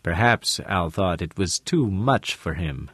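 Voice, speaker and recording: A man narrating a novel in a measured, steady storytelling manner. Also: deep voice, husky, no echo, clean studio sound. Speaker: audiobook narrator. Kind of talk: scripted narration.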